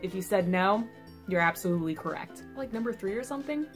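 A woman's voice: medium pitch, expressive, quick pace, faint music behind. Bubbly young woman vlogging. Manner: bubbly, self-mocking, chatty. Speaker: YouTuber. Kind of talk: casual vlog to camera.

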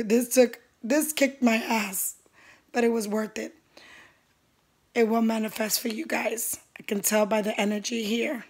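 A woman spell caster talking casually to her clients in a vlog, tired and apologetic with a worn-out voice. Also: a little high. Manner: weary and apologetic, drawn-out.

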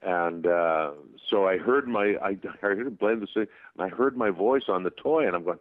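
A man, a voice actor, telling anecdotes in a casual interview, animated and laughing often as he acts out voices. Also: low voice, normal speed. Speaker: voice actor guest. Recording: dull lo-fi podcast audio.

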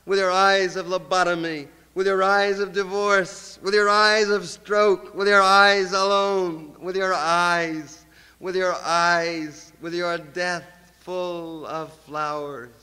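A man's voice: sits high, level tone, takes it slowly, sharp tone, clean tone. A man giving a poetry reading in an incantatory, chanting manner, repeating long lines. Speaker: poet. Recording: long hall reverb.

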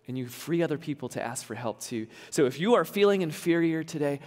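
A man's voice: a little high, expressive, fairly quick, hardly any pauses, darkish tone, in a large hall. A man preaching a sermon as pastor, talking conversationally and adding humorous asides. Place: large church hall.

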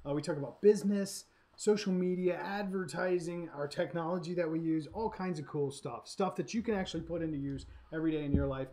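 A man's voice: fairly high pitch, brisk, hardly any pauses, mellow, slight background noise. A man hosting a casual live stream, telling a story and laughing as he acts out quotes.

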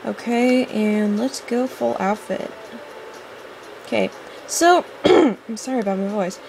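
A woman's voice: a little high, expressive, takes it slowly, creaky, darkish tone, slight background noise. A woman giving casual, rambling gameplay commentary, chatty, often apologizing and getting impatient with the game. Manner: apologetic asides. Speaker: let's-play host.

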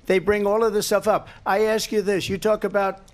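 A man's voice: high voice, flat delivery, brisk. Emphatic man at a debate podium. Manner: emphatic, repetitive, rambling. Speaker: presidential debate candidate. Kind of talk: debate answers.

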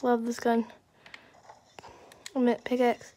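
High-voiced young woman narrating her game. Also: monotone, slow pace, slight background noise. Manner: chatty, reacting out loud to the game. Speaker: gamer. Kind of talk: casual gameplay commentary.

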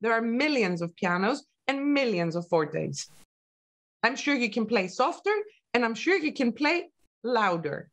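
A woman leads an online piano masterclass, speaking slowly and deliberately in a fairly high voice. She coaches with patient questions and calls out the dynamics for the student. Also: big pitch swings. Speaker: piano teacher.

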